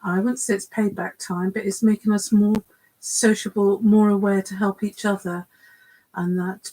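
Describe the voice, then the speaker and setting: A woman's voice: medium pitch, flat delivery, normal speed, mellow, rough recording. An older woman co-hosting a live chat, giving short remarks and laughing often. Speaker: co-host medium.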